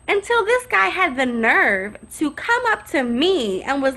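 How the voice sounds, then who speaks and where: Sassy, bright-voiced young woman. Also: sits high, unhurried, hardly any pauses. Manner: sassy, animated, acts out voices of people in the story. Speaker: vlogger. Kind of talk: storytime vlog, casual storytelling.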